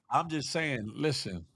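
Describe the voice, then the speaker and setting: A man's voice: fairly high pitch, a bit bright, slightly rough, no room sound. A man hosting a casual livestream, reading the chat aloud and teasing viewers with a playful, laughing manner.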